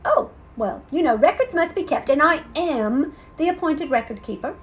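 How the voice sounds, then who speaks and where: A woman's voice: high-pitched, animated, moderate pace, muffled recording, voice pushed up. A woman doing a nervous English animal record keeper. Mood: polite. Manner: polite, breathless, formal.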